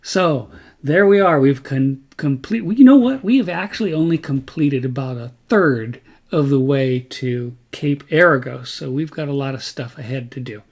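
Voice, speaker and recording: A man's voice: mid-range voice, normal speed. A man hosting a casual nature vlog outdoors, chatty and folksy, often stopping to correct himself mid-sentence. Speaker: vlog host.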